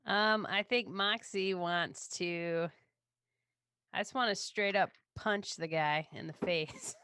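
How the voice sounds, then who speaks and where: A woman's voice: lowish voice, fairly even intonation, slow pace, pushed and bright, clear, resonant tone, dry recording. Laid-back woman player, dry sound. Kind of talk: casual chat at a game table.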